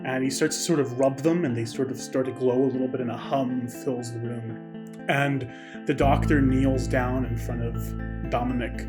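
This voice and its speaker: A man serving as game master, narrating a tabletop game in a relaxed, loose way. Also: medium pitch, moderate pace, over music. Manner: relaxed, loose, full of "sort of".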